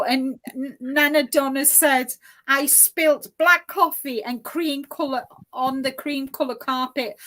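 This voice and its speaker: A high-pitched woman with a Scouse-tinged northwest English twang hosts a casual live-stream chat. She sounds chatty and giggly as she reads out viewers' comments over a video call. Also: a bit bright. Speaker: host of a live crochet stream.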